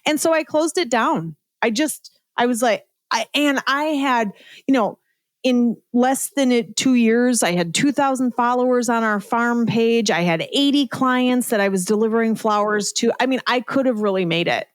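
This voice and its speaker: A woman's voice: fairly high pitch, expressive, normal speed, no echo. A middle-aged woman telling her story as a podcast guest in a casual, chatty way, full of "like" and "right?" and laughing at herself.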